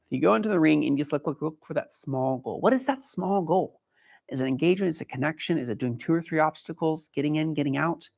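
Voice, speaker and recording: A man with a gravelly, rough edge to his voice talks to his viewers in a casual livestream. He is an earnest dog trainer who encourages his audience, and his voice sits a little higher than most men's. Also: lively intonation, quick pace. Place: indoor dog training facility.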